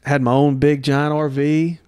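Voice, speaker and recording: A middle-aged man as a podcast guest, telling stories in a casual, animated way and acting out the voices of people he quotes. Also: unhurried, smooth, no room sound, studio quality. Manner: animated storyteller, acts out quotes with jumps in pitch. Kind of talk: casual storytelling interview.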